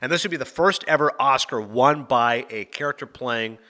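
A man hosting a movie podcast, chatting casually and telling quick anecdotes. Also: mid-range voice, pushed and bright. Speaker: podcast host.

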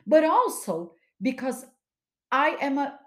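Animated woman podcaster telling a story. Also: high-pitched, slow pace. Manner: animated, dramatic retelling with quoted voices. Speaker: podcast host. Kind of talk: casual storytelling monologue. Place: home studio, California.

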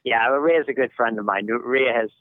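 A man's voice: medium pitch, a little fast, no echo. An older man with an Irish accent, a soccer commentator telling jokey stories as a podcast guest. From Ireland. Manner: jokey storyteller. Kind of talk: casual podcast interview. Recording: dry, tinny phone-like line.

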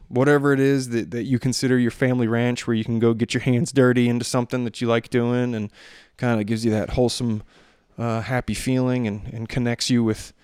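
A man's voice: medium pitch, a little mellow, clear, resonant tone, dry recording, studio quality. A man in his thirties or forties, a podcast host and father, telling a story in a loose, rambling way with lots of fillers and restarts, recorded in a bedroom on a handheld mic. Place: bedroom at home. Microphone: handheld microphone.

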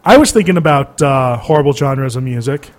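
A man's voice: medium pitch, expressive, a little fast. A man co-hosting a casual podcast, trading blunt, crude, mocking jokes. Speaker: podcast co-host.

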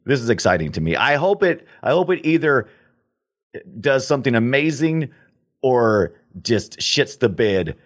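A man's voice: mid-range voice, sing-song, unhurried. A man co-hosting a casual chat about games, blunt and opinionated, joking with his co-host. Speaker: podcast co-host. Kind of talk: casual live-streamed chat.

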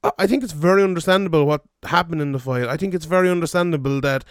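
A man's voice: a little high, fast, no room sound, clean studio sound. A man in his thirties with an Irish accent, hosting a casual podcast and chatting loosely, swearing and laughing often. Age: 30s. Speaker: podcast host.

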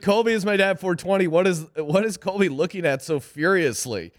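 A man's voice: high-pitched, fairly quick. A man hosting a casual sports betting podcast, reading ad copy loosely and joking with co-hosts. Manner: animated, reads ads loosely and jokes. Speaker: podcast host.

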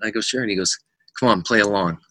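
Bright-voiced man telling road stories. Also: on the low side, fast, no room sound. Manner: animated anecdotes, acts out quotes, laughs often. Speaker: rock singer, guest. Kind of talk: casual storytelling in a podcast interview.

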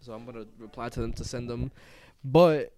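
A man's voice: mid-range voice, moderate pace, a little mellow. A man co-hosting a casual podcast, talking loosely and swearing a lot. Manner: loose, profane, "bro". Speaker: podcast co-host.

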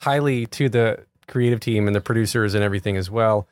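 A man hosting an interview, curious and enthusiastic, quick to laugh with his guest. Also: lowish voice, no room sound, clean studio sound. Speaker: podcast host. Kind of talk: casual interview chat.

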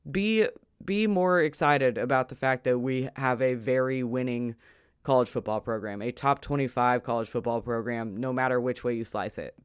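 A man's voice: medium pitch, moderate pace, clean tone, dry recording, clean studio sound. A young man ranting casually about a sports poll, exasperated and emphatic, his voice jumping up on punchlines. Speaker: sports commentator.

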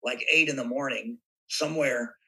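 An older man from Southern California, a guest actor telling animated stories in a podcast interview and acting out voices now and then. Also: medium pitch, normal speed, breathy edge, low-quality recording. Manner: animated anecdotes with acted-out voices.

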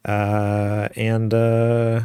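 Low, upbeat man on a gaming podcast. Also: completely flat delivery, drawn-out words, dark tone, clean tone, no echo, clean studio sound. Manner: enthusiastic, laughs often, reads news aloud. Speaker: podcast co-host. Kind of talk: casual gaming news podcast.

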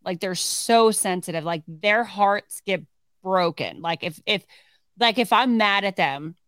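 Woman podcast co-host, smooth clear voice, rambles and restarts, dry close mic. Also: medium pitch, a little slow, a bit bright, no echo. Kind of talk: casual chat.

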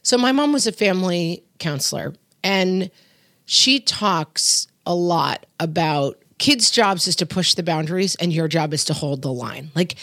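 Middle-aged woman co-host, low-ish voice, dry close mic, animated casual storyteller. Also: no echo. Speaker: podcast co-host. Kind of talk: casual chat.

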